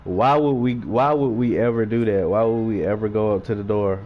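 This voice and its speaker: A man's voice: on the low side, normal speed, narrow, tinny audio, soft background music. A young man giving jumpy, swearing let's-play commentary with nervous laughter while playing a horror game. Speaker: gaming YouTuber.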